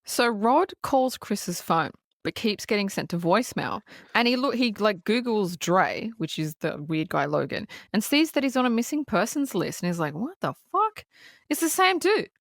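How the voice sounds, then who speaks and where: A woman co-hosting a podcast, excitedly retelling film scenes with plenty of swearing. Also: medium pitch, moderate pace, dry recording, clean studio sound. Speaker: podcast co-host. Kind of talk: casual film review chat.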